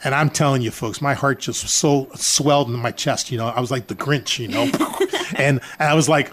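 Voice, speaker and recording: A man's voice: mid-range voice, normal speed, a bit bright. Older man telling a heartfelt story. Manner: addresses listeners as folks, frequent uh fillers. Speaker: charity organizer, guest. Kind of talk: emotional personal storytelling.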